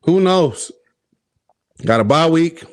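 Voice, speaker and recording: A man's voice: a little high, animated, slow, no echo, clean studio sound. Profane, exasperated male sports ranter. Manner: profane, exasperated, laughing at himself. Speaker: podcast host. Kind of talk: casual ranting commentary.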